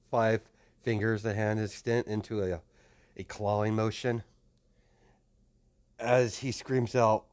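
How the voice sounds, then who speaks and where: A man improvising a fan story narration, rambling and hesitant with many restarts. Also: on the low side.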